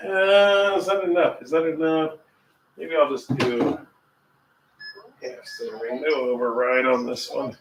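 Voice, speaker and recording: An American cooking vlogger who also teaches English chats casually during a cooking livestream in his home kitchen, rambling through asides and chuckling to himself. His voice is on the high side and fairly bright, at a moderate pace, picked up by a distant mic in an echoey kitchen with faint ambient noise.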